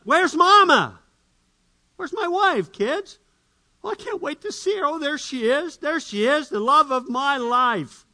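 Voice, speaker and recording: A man playing a fond husband home from work, high bright voice. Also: sing-song, normal speed, full character voice. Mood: eager. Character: eager loving husband coming home from work.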